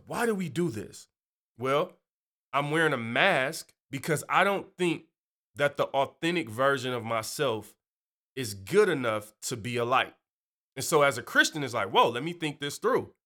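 A man with a bright, lively voice gives a casual faith talk. He leaps up and down in pitch while he explains, chatty and animated. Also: moderate pace. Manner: animated, chatty, keeps asking "you know". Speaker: Christian speaker.

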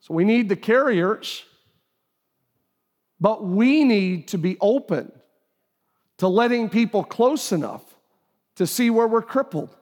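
A man's voice: high voice, lively intonation, slow, long pauses, a little mellow. A man preaching a sermon as pastor, talking conversationally, acting out quoted voices. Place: church auditorium. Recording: live hall with long reverb.

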